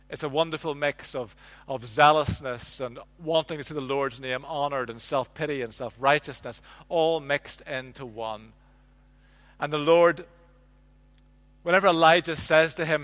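A man preaching a sermon, telling the story with lively ups and downs and dropping to a hush for quiet lines. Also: on the high side, normal speed. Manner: animated storytelling, drops to a hush on quotes. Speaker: pastor.

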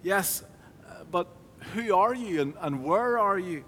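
A man putting on a panicked man dangling off a cliff, his voice jumping up high and shouting for rescue. Each plea comes out bright and strained, and it rings through a long, echoing hall with a faint low rumble underneath. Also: animated, unhurried. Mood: desperate. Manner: frantic pleading shouts. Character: desperate man clinging to a cliff branch.

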